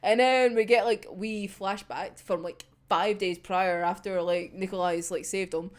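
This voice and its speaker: A woman's voice: medium pitch, steady tone, measured pace. A woman casually recapping an anime episode, giggling often, swearing freely and acting out the characters' lines. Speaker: anime discussion vlogger.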